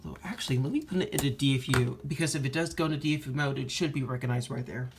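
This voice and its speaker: A man giving casual commentary while demoing phone hacks, rambling and profane, quick to blow up into shouting. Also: medium pitch, gravelly, noisy background. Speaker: iPhone jailbreak tinkerer. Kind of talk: casual screen demo commentary.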